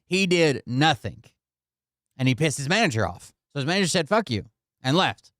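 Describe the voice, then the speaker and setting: A man's voice: fairly high pitch, lively intonation, moderate pace, a bit bright, no room sound, clean studio sound. A man commenting on a played clip in casual reaction talk, blunt and sarcastic with profane asides.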